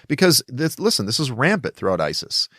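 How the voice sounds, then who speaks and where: A man's voice: mid-range voice, wildly swooping pitch, fairly quick, pushed and bright, dry recording, clean studio sound. A middle-aged man from the United States giving impassioned political commentary, emphatic and preachy, raising his voice to act out quotes. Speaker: author and commentator.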